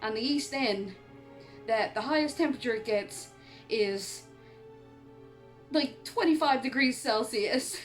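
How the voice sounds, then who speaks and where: A chatty woman from Canada rambles through a casual horror film review, laughing often and talking with the hiccups. Her voice sits a bit high, and soft music plays behind her. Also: measured pace, pauses often. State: has the hiccups. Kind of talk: casual movie review vlog. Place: home on an island in eastern Canada.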